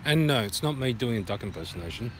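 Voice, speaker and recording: A man's voice: mid-range voice, lively intonation, fast. Australian man, outdoor phone vlog with traffic noise, loose rambling talk full of puns. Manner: rambling and punning, sings along loosely. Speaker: vlogger. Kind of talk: casual walking vlog. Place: outdoor park by a duck pond. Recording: noisy outdoor phone recording. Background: outdoor ambience with passing traffic.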